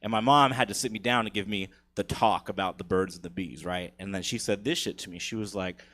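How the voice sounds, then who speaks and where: A man's voice: on the low side, a little fast, sharp tone. A man in his thirties doing a crude, profane stand-up comedy set on a theater stage, laughing at his own jokes.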